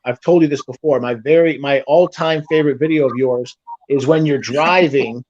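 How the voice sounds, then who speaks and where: A man hosting a casual video-call interview, speaking haltingly and often restarting his sentences. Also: mid-range voice, fairly even intonation, darkish tone, dry recording. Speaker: host. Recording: dull lo-fi call audio.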